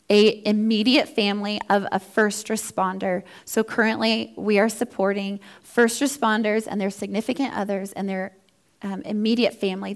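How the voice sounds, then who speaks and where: A woman in her thirties, founder of a ministry for first responder families, giving an earnest, heartfelt personal testimony. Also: mid-range voice. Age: 30s. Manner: earnest, heartfelt, acts out quoted dialogue.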